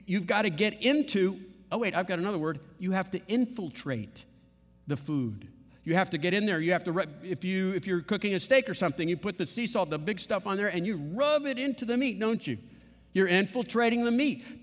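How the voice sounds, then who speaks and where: A man's voice: sits high, long reverb tail. A man preaching a sermon as pastor, emphatic and repetitive, with playful asides.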